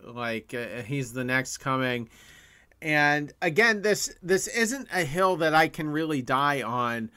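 Bright-voiced male podcast host. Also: fairly high pitch, lively intonation, slow, clear, resonant tone. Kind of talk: casual sports talk.

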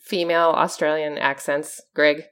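A woman hosting a casual podcast, reacting with short, lively remarks. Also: deep voice, normal speed, clear, resonant tone. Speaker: podcast host.

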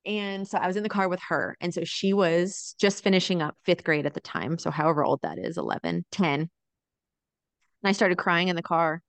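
A woman's voice: fairly low pitch, moderate pace, vocal fry, dry recording. A woman in her thirties, a mother of four, telling family stories in a casual interview and often checking in with "right?". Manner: animated storyteller, often adds "right?". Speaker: guest, mother of four living abroad.

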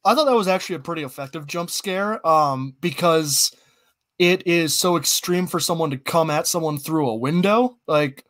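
A man's voice: fairly high pitch, moderate pace, a bit bright. A man, a podcast guest, giving a thoughtful, analytical take on a film, with many "like"s. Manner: thoughtful, analytical, says "like" often. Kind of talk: casual movie review chat.

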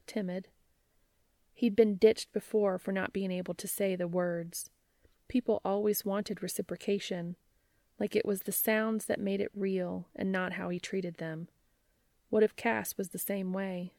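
Soft-spoken woman narrator, low and gravelly, very slow audiobook delivery, dry close mic. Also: steady tone, dry recording. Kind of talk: audiobook reading of fiction.

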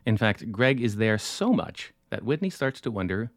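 A man's voice: on the low side, big pitch swings, normal speed, no echo, studio quality. A man, the host, narrating the story in a scripted, dramatic way with teasing questions.

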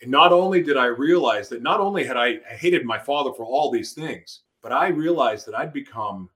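Middle-aged man, guest storyteller, emotional testimony, voice swings between hushed and shouted. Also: medium pitch, lively intonation, moderate pace. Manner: emotional storytelling, acting out his own past outbursts. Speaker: guest, author. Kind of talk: personal testimony in an interview.

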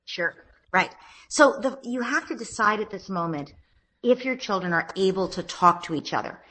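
A woman giving parenting advice in a podcast conversation, acting out gentle things a parent would say. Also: medium pitch, expressive, moderate pace, poor audio. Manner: acts out gentle parent lines in a lilting voice. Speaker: parenting expert guest.

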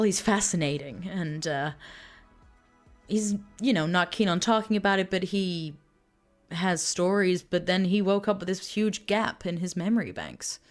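A woman's voice: on the low side, close to an everyday voice. A woman voicing a glamorous, flirtatious alien woman bartender who calls people darling in a sweet, teasing way.

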